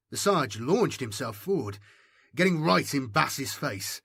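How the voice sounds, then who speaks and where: Man, audiobook narration, medium pitch, measured pace, dry close mic. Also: animated, fairly bright tone, slightly rough, no echo.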